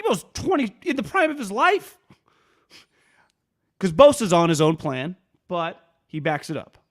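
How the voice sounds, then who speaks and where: Animated man in casual sports chat. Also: fairly high pitch. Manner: fast, animated, full of restarts and quoted asides. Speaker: sports podcast co-host.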